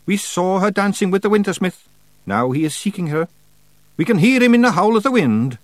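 A high cheeky Scottish wee fairy. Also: male voice, expressive, fairly quick, no echo. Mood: urgent. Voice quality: high, broad brogue, cheeky. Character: small rowdy male blue fairy clansman.

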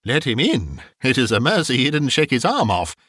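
A man narrating an audiobook in an expressive storytelling manner. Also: mid-range voice, moderate pace, husky, no echo, clean studio sound. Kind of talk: audiobook reading.

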